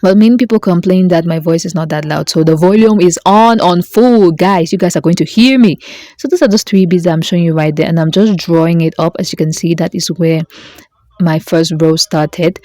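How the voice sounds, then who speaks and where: A woman with a lowish, mellow voice leads a hands-on craft tutorial in a chatty, playful way. She talks straight to her viewers, jokes along the way and corrects herself as she goes. The sound is dry and close, with no room around it. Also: no room sound. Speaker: beading tutorial host.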